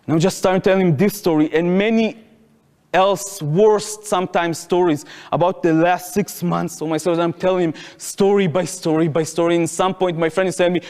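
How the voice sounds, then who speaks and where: A man's voice: sits high, steady tone, moderate pace, a little mellow, smooth, long reverb tail. A man in his twenties with an Israeli accent, retelling his own story to an audience in vivid present tense. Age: 20s. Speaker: speaker at a public talk. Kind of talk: first-person storytelling to an audience. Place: lecture hall.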